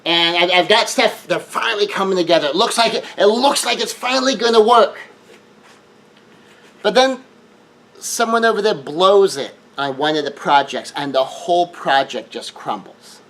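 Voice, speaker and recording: High-voiced earnest man giving advice. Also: fairly bright tone, slight background noise, low-quality recording. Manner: earnest, repeats words when rushing, acts out quoted scenes. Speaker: relationship advice speaker. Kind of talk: monologue advice talk.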